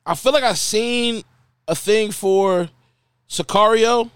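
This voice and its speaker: A man casually bantering about movies on a podcast, teasing and animated. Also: sits high, smooth, no echo. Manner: animated, teasing, drawn-out questions.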